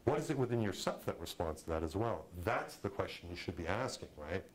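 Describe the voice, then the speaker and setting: Middle-aged male instructor, lowish voice, animated and conversational lecture style. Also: a little fast, poor audio. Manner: animated, conversational, acts out quotes. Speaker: film directing instructor. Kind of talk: lecture to a class.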